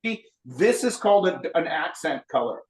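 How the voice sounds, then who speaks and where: A man's voice: on the high side, animated, moderate pace. Chatty man teaching painting, roomy sound. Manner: chatty, self-teasing, explains while painting. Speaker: painting instructor. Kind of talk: live painting lesson demonstration. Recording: roomy echo.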